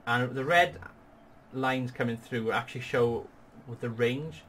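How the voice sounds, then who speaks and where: A man guides a partner through a strategy game battle, explaining each move in a patient, upbeat tone. His pitch sits in a middle range for a man. A faint hiss runs underneath his voice. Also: a little slow, fairly bright tone. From Wales. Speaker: gaming channel host. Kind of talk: strategy game tutorial commentary.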